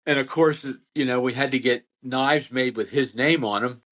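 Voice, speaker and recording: Bright-voiced older American butcher storyteller. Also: male voice, medium pitch, normal speed. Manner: rambling anecdotes with frequent restarts and laughs. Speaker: guest, butcher and slaughterman. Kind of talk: casual storytelling interview.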